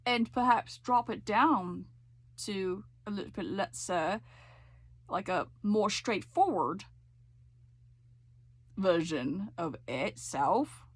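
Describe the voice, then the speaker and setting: A woman's voice: medium pitch, animated, slow pace, pauses often, husky. A woman teaching a voice lesson, coaching with frequent check-ins and sung demonstrations. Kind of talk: singing lesson explanation.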